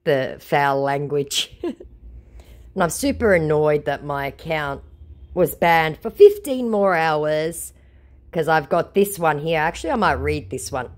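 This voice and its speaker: A woman's voice: deep voice, measured pace. A woman retelling her chats with scammers in a sarcastic, mocking way. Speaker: scam-baiting content creator. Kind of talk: storytelling vlog.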